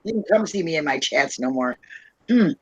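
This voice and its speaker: A woman's voice: low-pitched, expressive, normal speed, slightly rough, dry recording, highs cut off. A woman hosting a casual livestream chat, tipsy from wine, rambling and laughing often. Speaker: livestream host.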